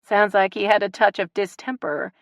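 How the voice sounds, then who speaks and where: A woman's voice: medium pitch, moderate pace, no room sound, studio quality, voice pushed up, natural voice. A woman voicing a cheerful, playful young professional woman in an audiobook romance. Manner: bright and playful, softer in intimate moments.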